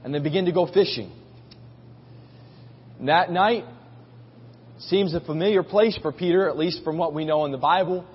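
A man's voice: a little high, moderate pace, pauses often, husky. A man preaching a sermon as a pastor, telling the story in a casual, folksy way and acting out voices. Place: church. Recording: muffled recording in a reverberant hall.

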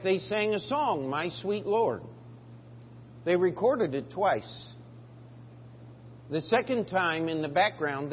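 A man's voice: high-pitched, a little hiss or hum. A middle-aged man preaching a sermon as pastor, in a folksy, emphatic way with frequent restarts, recorded in a church sanctuary. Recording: dull, lo-fi church recording with long reverb.

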